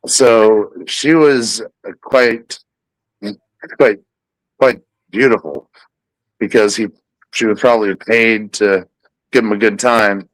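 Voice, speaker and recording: A male host tells a meandering story in a slow, easygoing way, stopping and restarting often. His voice sits in a middle pitch. The sound is dry and close, with no room echo. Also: fairly even intonation, fairly bright tone. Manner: rambling and hesitant, lots of restarts. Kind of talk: casual storytelling chat.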